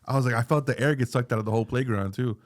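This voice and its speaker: A man's voice: mid-range voice, very fast. A man co-hosting a podcast, telling a profane comedic story and acting out every voice in it. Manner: profane, animated, acts out both sides of a story. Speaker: podcast co-host.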